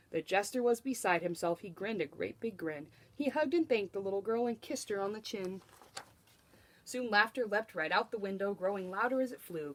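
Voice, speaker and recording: Expressive woman teacher reading rhymes aloud. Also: medium pitch. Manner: expressive, rhythmic rhyming delivery. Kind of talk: children's storybook read-aloud.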